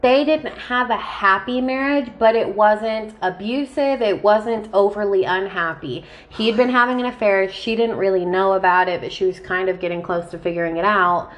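A woman of middle pitch co-hosts a true crime podcast in casual chat. She lays out the case bluntly, swears freely and keeps a deadpan tone. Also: normal speed, hardly any pauses. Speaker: podcast co-host.

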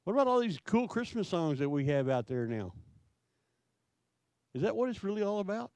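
A man preaching a sermon, asking his listeners question after question in a slow, emphatic way. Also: high-pitched, big pitch swings, darkish tone, no room sound. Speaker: pastor.

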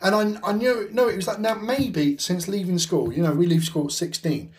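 A man's voice: sits high, normal speed, darkish tone. Sweary Englishman telling a story. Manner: rambling, blunt and sweary, with frequent "like" and "right?". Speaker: podcast co-host. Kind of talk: casual storytelling chat.

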